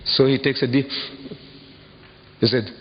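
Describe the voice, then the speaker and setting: A man giving an impassioned public lecture, emphatic and full of rhetorical questions, his voice leaping into sudden high bursts. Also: steady tone, a little slow. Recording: dull old recording, long hall reverb, faint hiss.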